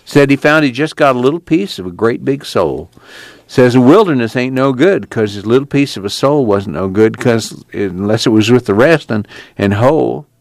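Brooding young fugitive, read by a man, plainspoken rural drawl, animated delivery. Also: medium pitch, moderate pace, dry recording, lightly acted. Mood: reflective. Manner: folksy rural dialect, thoughtful and plainspoken. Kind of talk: audiobook character reading.

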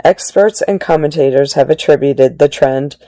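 Low, mellow woman reading articles aloud. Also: no room sound. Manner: measured, plain reading with occasional restarts. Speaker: narrator reading magazine articles. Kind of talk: article read-aloud narration.

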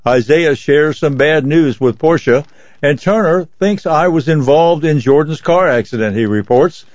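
A man volunteering as a reader for a reading service, reading magazine articles aloud in a steady, measured way. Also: mid-range voice, dry recording. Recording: dull, lo-fi, dry sound.

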